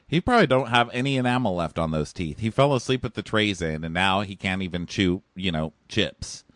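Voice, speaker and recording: Low-voiced man trading snarky jokes. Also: expressive, a little fast, a bit bright, dry recording, clean studio sound. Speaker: podcast co-host. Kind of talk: casual recap chat.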